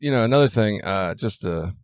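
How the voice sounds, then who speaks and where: A man's voice: lowish voice, expressive, a little fast, no room sound. A man co-hosting a podcast in casual chat, blunt, swearing freely and laughing often. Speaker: podcast co-host.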